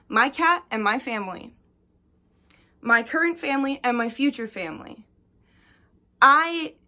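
A woman's voice: high voice, bright, forceful tone. A young woman who runs a spiritual reading business, ranting bluntly and profanely to her viewers in a vlog. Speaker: spiritual reader and shop owner.

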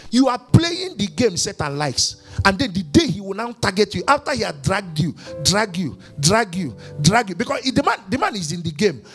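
A man preaches from the pulpit, pitched high for a man and full of emphatic repetition. His voice jumps widely up and down as he presses each point. Soft music plays faintly behind him. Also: sing-song, moderate pace, few pauses. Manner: emphatic, repetitive preaching with sudden swings in loudness. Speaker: pastor. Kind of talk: sermon.

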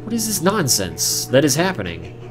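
A man streaming gameplay live, talking through it with theatrical exasperation that swings between mock despair and loud outbursts. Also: on the high side, wildly swooping pitch, normal speed, music in the background.

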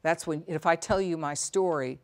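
A woman's voice: deep voice, moderate pace. A middle-aged woman, a psychotherapist and elder care coach, speaking earnestly and reflectively to an audience of caregivers and asking them questions. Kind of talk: talk to a caregivers' support audience.

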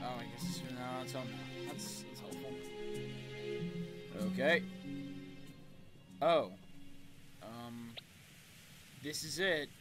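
A man's voice: mid-range voice, expressive, takes it slowly, pauses often. A man playing through a story game and commenting on it, joking and poking fun at himself. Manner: joking, self-mocking asides. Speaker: let's play host. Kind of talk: gameplay commentary. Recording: game music behind voice.

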